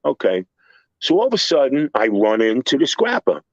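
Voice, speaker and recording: A man's voice: medium pitch, wildly swooping pitch, normal speed, no echo, highs cut off. An older man, a construction contractor, telling a profane story on a podcast with heated, acted-out quotes.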